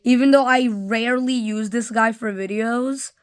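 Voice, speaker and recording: A woman's voice: fairly high pitch, normal speed, clean tone. A woman casually reviewing toys in a rambling, offhand way, full of fillers. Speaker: toy reviewer. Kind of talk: casual product review vlog.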